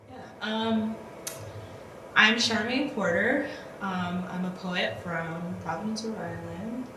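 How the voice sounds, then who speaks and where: A woman's voice: mid-range voice, slow pace. Hesitant woman poet heard from far off. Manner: hesitant, many ums and likes. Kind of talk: casual talk about her poem. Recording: distant, echoey with background noise.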